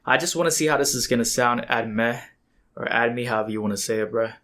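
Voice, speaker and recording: A man's voice: mid-range voice, fast talker, a bit bright. A young man talks loosely through a music reaction video as its host, with lots of filler words and slang. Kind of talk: casual music reaction commentary.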